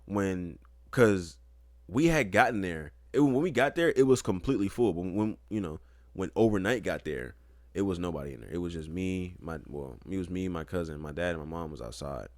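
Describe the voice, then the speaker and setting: A young man with a deep, low voice spins a loose, cursing story at an easy pace. He sounds relaxed and conversational, like a podcast co-host chatting with a friend. The sound is close and dry, with no room echo. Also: normal speed. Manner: laid-back, profane, rambling anecdotes. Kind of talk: casual chat, storytelling.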